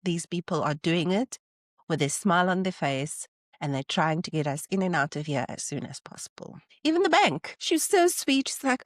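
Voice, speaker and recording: A woman hosting a casual solo podcast, talking in an animated way and acting out the people she quotes. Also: normal speed, dry recording, clean studio sound. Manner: animated, acts out quoted people with rising pitch. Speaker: podcast host.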